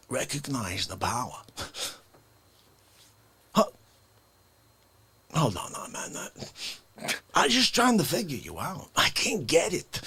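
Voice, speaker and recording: Guy doing a worked up comic alter ego, husky, shouts then whispers, slow rant. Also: full character voice. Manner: wildly swinging pitch, shouting then whispering. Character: excitable ranting male alter ego, indignant. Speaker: comedy character.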